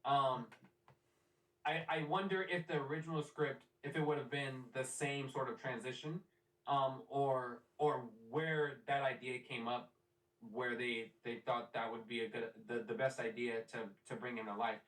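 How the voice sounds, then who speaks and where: A man's voice: mid-range voice, fairly even intonation, moderate pace, fairly bright tone. A man hosting a podcast interview, asking questions in a thoughtful, hesitant way and often repeating words. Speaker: podcast host. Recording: roomy, distant from the mic.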